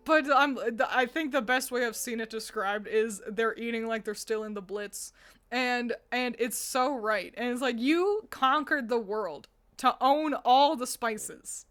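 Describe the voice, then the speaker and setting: A woman's voice: fairly high pitch, slow pace, a bit bright. Giggly rambling young woman streamer. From United States. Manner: giggly, rambling, frequent laughter and restarts. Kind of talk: casual chat with chat readers.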